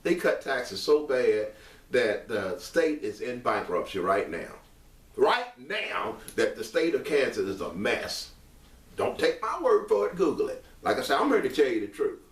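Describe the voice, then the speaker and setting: A man delivering an impassioned monologue straight to camera, emphatic and repetitive, rising to raised outbursts and settling into earnest quieter stretches. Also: mid-range voice, big pitch swings, unhurried, recorded from a distance. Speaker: online commentator. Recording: echoey room, mic set back.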